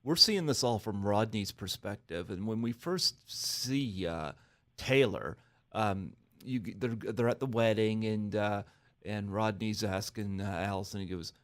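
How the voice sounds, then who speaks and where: A man's voice: on the low side, a little slow, a bit bright. A man hosting a podcast interview, chatting enthusiastically about a movie. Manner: enthusiastic, acts out movie quotes. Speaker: podcast host. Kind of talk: casual interview chat.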